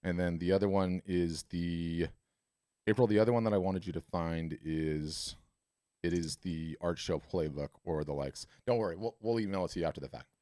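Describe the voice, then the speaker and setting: A man's voice: low-pitched, normal speed, warm tone, no room sound, clean studio sound. A man hosting a webinar, coaching a caller emphatically and ending points with "right?". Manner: emphatic, salesy, repeated "right?" tags. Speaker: webinar host and art business coach. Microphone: video call.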